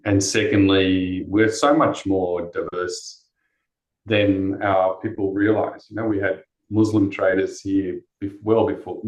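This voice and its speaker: A man on a webinar panel, answering in a passionate, rambling way and poking fun at himself. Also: sits low. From Australia. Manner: passionate, rambling, self-deprecating. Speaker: panelist, race discrimination commissioner. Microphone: video call. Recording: echoey room over a video call.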